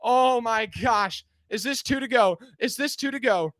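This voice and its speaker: A man live-streaming a car race, giving excited, anxious fan play-by-play and pleading with the drivers, sounding out of breath. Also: extremely high pitch, measured pace, no room sound.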